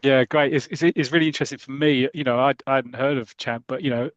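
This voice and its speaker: A man's voice: mid-range voice, fairly even intonation, fast, no room sound, highs cut off. A man hosting a podcast in casual chat, hesitant and introducing segments. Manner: hesitant, many fillers and restarts, introducing clips. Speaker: podcast host.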